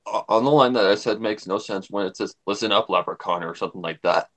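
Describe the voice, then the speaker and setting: A man talking casually on a livestream, rambling and animated, often repeating himself. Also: on the low side, fast, a loud crowd. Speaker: livestream co-host.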